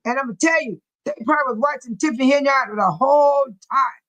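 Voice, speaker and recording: A woman's voice: high voice, brisk, a bit bright, poor audio. Outspoken woman reacting to live chat. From Illinois. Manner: outspoken, reads chat aloud and reacts with blunt opinions. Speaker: livestream host reading viewer comments. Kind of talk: casual livestream commentary.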